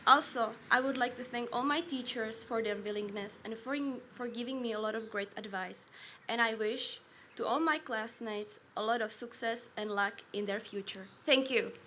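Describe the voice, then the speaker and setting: A teenage graduate thanks her parents and teachers in a bright, slightly high voice. She speaks politely and carefully, with a faint hiss from outdoors. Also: moderate pace. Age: late teens. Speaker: graduating student.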